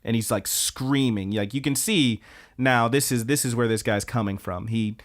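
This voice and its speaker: Speaking at normal speed in a medium-pitched voice, a man co-hosting a podcast chats through an anime episode's events, throwing in fillers and quoted lines as he retells it.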